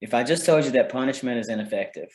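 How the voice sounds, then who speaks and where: A man of middle pitch leads a casual teaching talk for parents, tossing out "right?" to check that the room follows along. His voice carries a roomy echo from the space around him. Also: quick pace, a little mellow. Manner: conversational, keeps checking in with "right?". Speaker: parenting workshop presenter.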